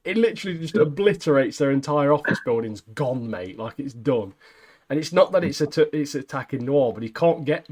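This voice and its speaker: A man's voice: medium pitch, expressive, a little fast, darkish tone. A man co-hosting a podcast, chatting casually and recapping scenes with slang and laughs. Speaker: podcast co-host. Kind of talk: casual chat.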